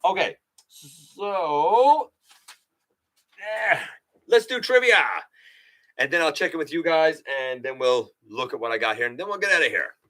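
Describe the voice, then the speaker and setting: A man's voice: medium pitch, fast, few pauses, bright, forceful tone. A man hosting a casual live stream, chatting animatedly, running a quiz and reading out viewer comments. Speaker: live show host.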